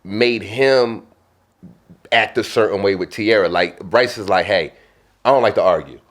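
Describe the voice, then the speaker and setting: A middle-aged man chatting casually as a show regular, telling stories in an animated, passionate way that can sound like yelling. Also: on the low side, unhurried. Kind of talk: casual green-room chat.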